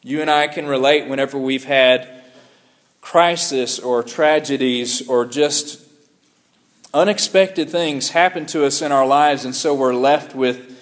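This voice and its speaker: A man's voice: mid-range voice, a little slow. A man preaching a sermon, earnest and searching, often repeating words and restarting phrases as he explains scripture. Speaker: pastor.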